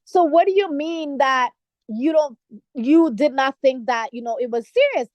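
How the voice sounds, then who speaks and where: A woman's voice: sits high, lively intonation, moderate pace, darkish tone, no echo. A young woman hosting a podcast, chatting casually and animatedly about a reality show, full of "like" and "you know" fillers. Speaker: podcast host.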